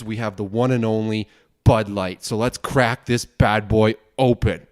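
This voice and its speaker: A man's voice: fairly low pitch, a little slow. Angry ranting man, swearing. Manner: angry, profane, rambling rant. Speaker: podcast host. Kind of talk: solo ranting podcast.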